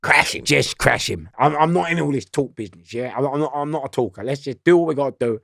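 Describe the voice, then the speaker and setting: Gravelly London man telling stories. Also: mid-range voice, fast talker, no room sound, clean studio sound. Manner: animated storyteller who acts out voices and laughs often. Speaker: guest. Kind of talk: storytelling in a podcast interview.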